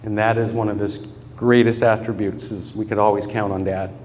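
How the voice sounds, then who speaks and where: In a large hall with slight background noise, a man with a lowish, darkish voice speaks at normal speed with flat delivery. He is eulogizing his father before mourners, telling personal stories earnestly and often laughing.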